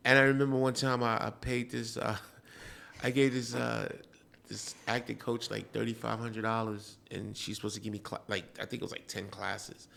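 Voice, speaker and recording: Gravelly New man hosting a chat. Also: on the low side, flat delivery, normal speed, fairly bright tone, slight background noise. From Queens, New York. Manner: rambling storyteller, lots of "you know". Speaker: host. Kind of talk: casual interview chat.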